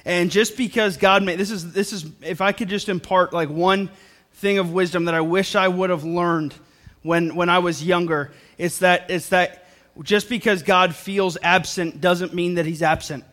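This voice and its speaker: A man's voice: sits high, steady tone, normal speed, a bit bright. A young man preaching a sermon to a congregation in church, earnest and repeating phrases for emphasis. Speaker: pastor. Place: church service before a congregation.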